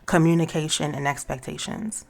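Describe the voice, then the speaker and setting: A woman's voice: low voice, steady tone, normal speed, gravelly, faint music behind. A woman hosting a talk show, giving chatty, direct advice to her listeners in a casual way. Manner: chatty and direct, addresses listeners as y'all and sis. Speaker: host.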